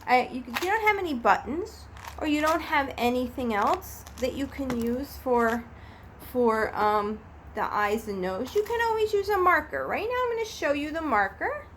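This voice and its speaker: A woman teacher giving a gentle, patient, step-by-step craft demonstration for children and their families. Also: high voice, expressive, moderate pace, slight background noise.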